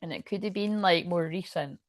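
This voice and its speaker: Her voice on the low side and brisk, a woman with a Scottish accent gives a rambling, chatty tarot reading to camera. She swears freely and laughs often, and there's no echo.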